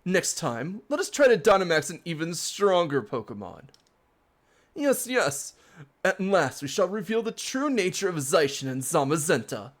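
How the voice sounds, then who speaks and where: A streamer voicing a pompous, theatrical young male villain from a video game, with slow, drawn-out, haughty delivery. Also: mid-range voice, big pitch swings. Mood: smug.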